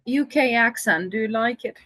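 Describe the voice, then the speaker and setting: A woman's voice: on the high side, normal speed, a bit bright, no echo. A woman teaching English in a video-call conversation lesson, patient and encouraging.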